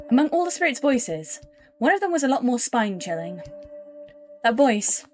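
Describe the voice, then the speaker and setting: A woman with a high-leaning, very animated voice streams a game live, reading its text aloud and chatting with viewers between lines. She talks at normal speed but leaves long pauses, with music playing under her voice.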